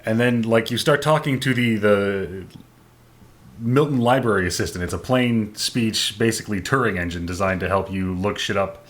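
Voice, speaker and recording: A man's voice: on the low side, moderate pace, fairly bright tone. A man co-hosting a gaming podcast, telling stories in a wry, rambling, casual way. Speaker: podcast co-host. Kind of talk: casual chat.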